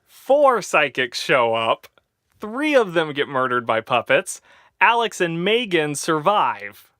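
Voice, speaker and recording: A man hosting a casual podcast, talking in an animated, energetic way into a close microphone. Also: on the high side, takes it slowly, dry recording. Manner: lively, animated, plays the show's announcer. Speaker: podcast host.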